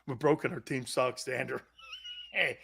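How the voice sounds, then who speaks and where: A male sports talk show host ranting loudly and mockingly, acting out angry fans in bits. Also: medium pitch, measured pace, gravelly, breathy edge. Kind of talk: animated sports talk rant.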